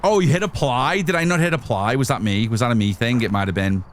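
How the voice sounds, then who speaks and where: A man's voice: medium pitch, fast talker, slight background noise. A man giving chatty live commentary as he plays a game, talking to his chat and to himself. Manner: chatty, talks to chat and to himself while playing. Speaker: streamer.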